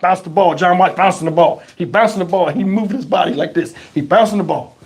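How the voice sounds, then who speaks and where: On his live stream, this host tells a comic tale in a fast, slightly rough voice that sits high. The telling is loose and full of swearing, and he performs each character's voice with plenty of animation.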